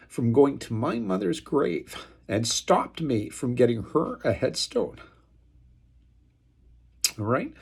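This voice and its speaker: A man talking unscripted to the camera, aggrieved and angry, rambling with many fillers and getting louder when outraged. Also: vocal fry, husky. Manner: turns loud and high-pitched when outraged. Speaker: video blogger airing an estate dispute.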